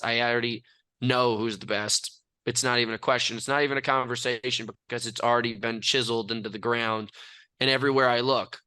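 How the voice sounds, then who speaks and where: A man's voice: medium pitch, pushed and bright, smooth, dry recording. A young man from California, a brash and self-assured athlete telling stories in a casual interview. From California, USA. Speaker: athlete guest.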